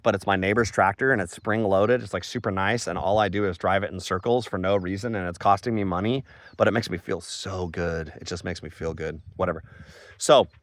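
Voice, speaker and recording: A man's voice: on the low side, fairly bright tone, no echo, clean studio sound. A man giving a frustrated, rambling monologue on his farm, emphatic and casual, calling people "bro". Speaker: farmer vlogger. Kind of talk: casual ranting monologue to camera.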